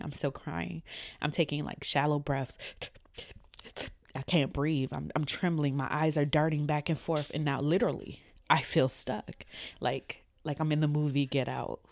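A woman's voice: low voice, darkish tone, dry recording. A woman sharing a candid, faith-based personal testimony, vividly reliving a frightening moment. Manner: candid and vivid, reenacting her own panic.

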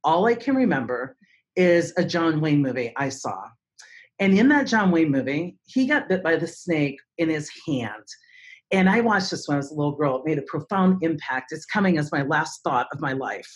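A woman in her forties tells a story as an interview guest, in a voice that sits on the lower side. She is theatrical and expressive, and she acts out other people's lines with big swings in her pitch. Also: moderate pace. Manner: animated, dramatic storyteller who acts out voices. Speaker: speaker and trainer.

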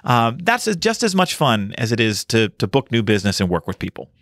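Lively-voiced male podcast host. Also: mid-range voice, dry recording, clean studio sound. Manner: animated, uses analogies, quick asides. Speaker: podcast host, speaker and consultant. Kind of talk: casual podcast conversation.

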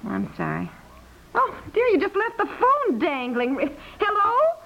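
A woman playing a gentle, easily upset young wife and mother in a 1950s radio comedy. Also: very high-pitched, wildly swooping pitch, unhurried, creaky, slight background noise, heavily acted. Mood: apologetic. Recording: dull 1950s radio recording.

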